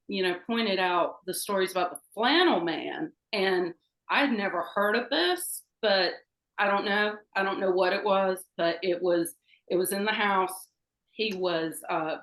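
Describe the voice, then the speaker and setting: A woman's voice: fairly low pitch, a bit bright. A woman with a thick Southern Georgia accent, a podcast guest telling stories in a rambling, hesitant way with many fillers. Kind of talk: casual storytelling. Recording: roomy echo.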